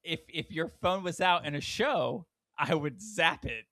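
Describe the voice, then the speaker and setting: A man co-hosting a podcast in casual chat, talking in halting bursts full of restarts. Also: a little high, expressive, sharp tone, dry recording. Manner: halting, restarts often, then laughs. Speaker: podcast co-host.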